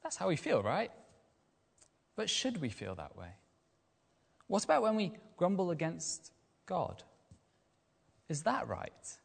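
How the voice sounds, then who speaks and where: A man giving a lively evening sermon as a lay preacher, using rhetorical questions and repetition. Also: high voice, slow pace, creaky, pauses often, breathy edge, in a large hall. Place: church.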